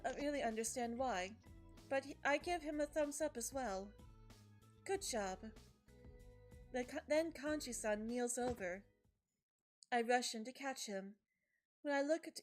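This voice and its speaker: A woman streamer reading a game's story text aloud, stumbling and correcting herself, with asides. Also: high-pitched. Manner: reads story text with frequent slips and self-corrections. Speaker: let's play streamer.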